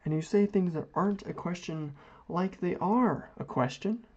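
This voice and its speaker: A man's voice: sits high, moderate pace, warm tone. A man rambling through a philosophical monologue while he doodles, drifting into mock-grand phrasing. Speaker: vlogger. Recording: dull lo-fi audio.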